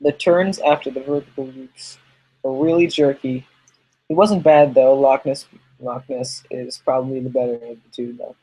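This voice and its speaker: A man's voice: medium pitch, steady tone, normal speed, dark tone, breathy edge, rough recording. A man hosting a casual livestream podcast, rambling and chatty as he answers viewers' questions. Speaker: podcast host reading live chat.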